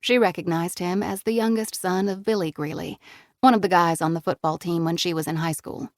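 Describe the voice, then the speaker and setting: A woman's voice: lowish voice, steady tone, a little fast, no echo. Woman narrating an audiobook, dry close sound. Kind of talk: scripted narration.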